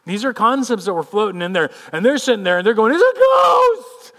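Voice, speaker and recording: A man with a high-pitched voice preaches to his congregation. He tells a scene with lively storytelling energy, then turns earnest and personal as he speaks from his own life. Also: fast. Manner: animated storytelling, vividly retelling a scene. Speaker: pastor. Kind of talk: sermon.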